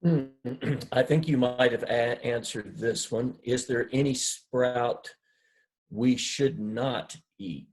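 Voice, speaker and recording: Slow, husky male moderator. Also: mid-range voice, rough recording. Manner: measured, formal phrasing. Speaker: webinar moderator. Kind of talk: moderating a webinar.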